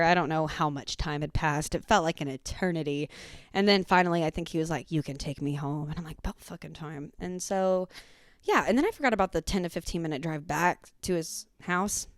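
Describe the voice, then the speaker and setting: A woman, hosting a podcast and telling a profane, animated story in casual chat. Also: fairly low pitch, a little fast, clear, resonant tone, no room sound, studio quality. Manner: animated, profane, acts out quotes. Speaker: podcast host.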